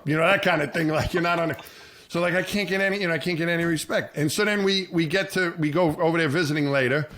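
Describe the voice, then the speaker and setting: A middle-aged man, a former astronaut co-hosting a podcast, telling a long story in a rambling way, with many restarts and lively quoted voices. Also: a little high, quick pace. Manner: rambling, many restarts, animated when quoting people. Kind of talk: casual storytelling chat.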